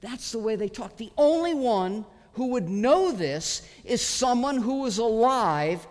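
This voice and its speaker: High-voiced man preaching slowly. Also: expressive. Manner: earnest, emphatic teaching with many pauses. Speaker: pastor. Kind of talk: expository sermon. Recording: long hall reverb.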